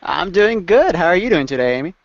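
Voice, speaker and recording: A man co-hosting an online chat show, talking in a relaxed, chatty way. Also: high-pitched, fairly quick. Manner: relaxed, chatty, uses fillers. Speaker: co-host. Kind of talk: casual chat on a live web show. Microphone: video call. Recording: dull, dry lo-fi web call audio.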